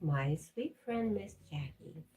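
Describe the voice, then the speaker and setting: A woman's voice: low-pitched, animated, slow, mellow. A woman hosting a livestream, talking casually and affectionately with viewers as she reads and answers their comments. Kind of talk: casual live-chat talk.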